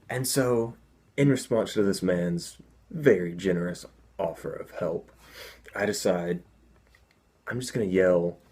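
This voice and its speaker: A young man telling a comic personal story, animated with deadpan asides. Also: sits low, normal speed, breathy edge.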